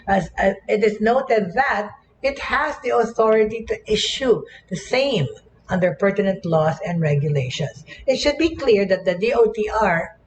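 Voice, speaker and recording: Hoarse Filipino woman reading news. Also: medium pitch, animated, moderate pace, a little hiss or hum, poor audio. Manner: mixes English and Tagalog, many "okay?" tags. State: hoarse, croaky voice. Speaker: host.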